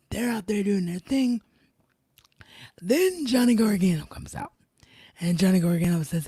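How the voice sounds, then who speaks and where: Man, podcast host, mellow husky voice, dry close sound, excited recap storytelling. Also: high voice, normal speed, long pauses, no room sound. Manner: excited storytelling, paraphrasing others in their own words. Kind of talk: solo recap show.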